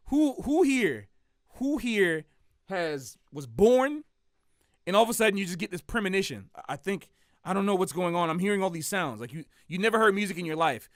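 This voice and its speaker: Animated high-voiced man, dry sound. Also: no room sound. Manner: animated, laughs often, slangy rhetorical questions. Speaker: jazz saxophonist. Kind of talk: casual opinionated talk to an audience.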